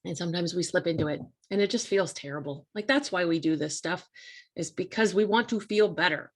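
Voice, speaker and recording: A woman with a lowish, fairly quick voice and a breathy edge hosts a live coaching talk. Casual yet earnest and emphatic, she repeats her key points and speaks directly to her listeners.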